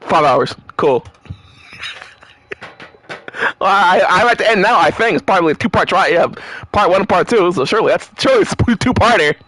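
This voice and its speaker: A man's voice: high-pitched, animated, brisk, pauses often, a bit bright. A man streaming a game live, rambling animatedly, laughing often and swearing freely.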